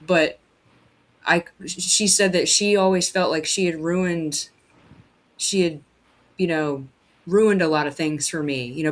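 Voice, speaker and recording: A guest tells a personal story in relaxed conversation. The voice sits mid-range in pitch and the speech stumbles along through restarts and fillers. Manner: halting, many restarts and fillers.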